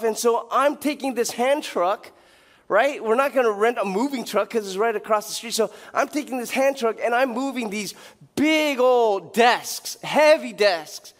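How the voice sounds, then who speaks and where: A male pastor with a high-pitched voice delivers a sermon as a vivid personal story. He talks animatedly and acts out the people he quotes. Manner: animated storytelling, acting out his old boss in quotes.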